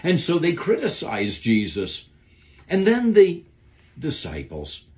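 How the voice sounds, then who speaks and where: A man's voice: fairly high pitch, huge pitch swings, slow pace, darkish tone. A man giving a devotional Bible lesson, preaching in an earnest, emphatic way. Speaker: Bible teacher.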